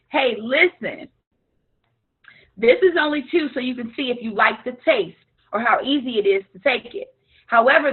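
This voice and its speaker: Woman coach, frank and animated, husky higher voice, phone-like sound. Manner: animated, frank, imitates others playfully. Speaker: business coach. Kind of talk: live coaching session. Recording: tinny phone-like line.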